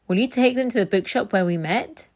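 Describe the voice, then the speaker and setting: A woman voicing a kind, grave elderly gentleman in a storybook read-aloud, speaking gently and earnestly. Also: mid-range voice, a little fast, close to an everyday voice.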